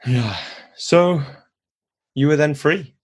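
A man's voice: on the high side, takes it slowly. Affirming male podcast host. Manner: affirming, gently steering, reflective. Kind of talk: interview conversation.

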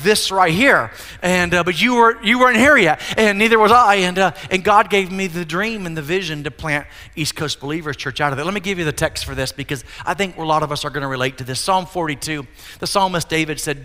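A man's voice: fairly high pitch, pushed and bright. A middle-aged man preaching a candid, earnest sermon as pastor of his church, building to emphatic peaks. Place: church sanctuary. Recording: long hall reverb.

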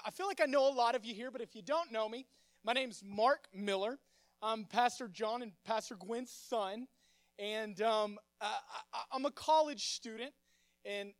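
A young man, his voice sitting unusually high. He stumbles and repeats words as he jokes with the congregation. The stage microphone sounds dry and close. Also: fairly bright tone, dry recording. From Texas. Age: 20s. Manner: stammering, repeats words, friendly and joking. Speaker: youth pastor. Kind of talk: sermon with casual storytelling. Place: church.

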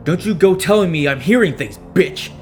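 A man voicing a volatile male space-station worker, shouting in fury and strain. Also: high-pitched, expressive, normal speed, soft background music, pitched above the performer's own voice. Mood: angry, strained. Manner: shouting, furious, harrowed.

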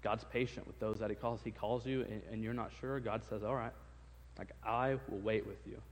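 A man's voice: lowish voice, steady tone, normal speed. A man preaching a casual sermon, retelling scripture in everyday talk, often repeating his words and acting out the quotes. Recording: long hall reverb.

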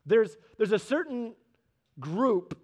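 A man in his thirties preaching a sermon, a lively storyteller who drops in joking asides. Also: sits high, slow pace. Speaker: pastor. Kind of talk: sermon with personal stories.

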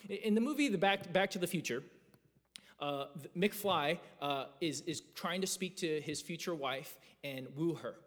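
Guy in his 30s preaching, animated, stumbles and restarts a lot, church reverb. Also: fairly high pitch, normal speed. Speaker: pastor. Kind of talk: sermon. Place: church sanctuary. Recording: long reverb of a church hall.

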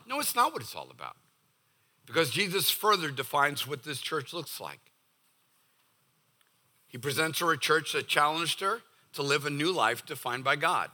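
A man's voice: fairly high pitch, very animated, normal speed, pauses often, bright, forceful tone. A middle-aged male pastor from the Boston area giving a conversational, jokey sermon, acting out the voices of his listeners.

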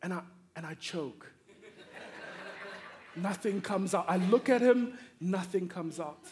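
A man from Africa preaching a sermon through a personal story, animated and swinging between hushed tones and excited shouting. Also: sits high, takes it slowly.

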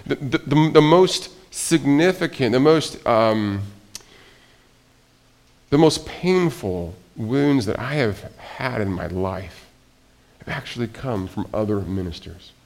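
A middle-aged man preaching a sermon as pastor, swinging between quiet, almost whispered asides and loud, excited exclamations, often restarting his phrases. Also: medium pitch, takes it slowly.

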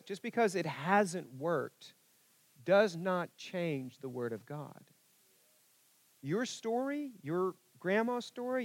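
Man preaching, swinging loud and hushed. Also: sits high, no echo. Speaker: pastor. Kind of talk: sermon. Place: church service.

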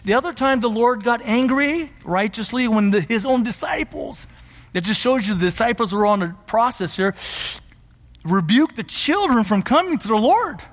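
Man, pastor, sermon, earnest and emphatic, high-pitched, church hall echo. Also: lively intonation, normal speed. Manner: earnest teaching, rising to emphatic passion. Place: church sanctuary. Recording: long hall reverb.

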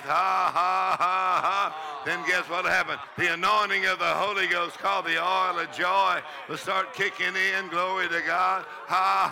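A man's voice: high-pitched, vocal fry, background noise. A male pastor with a drawl preaching a charismatic sermon in a church, laughing and whooping often. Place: church sanctuary with congregation.

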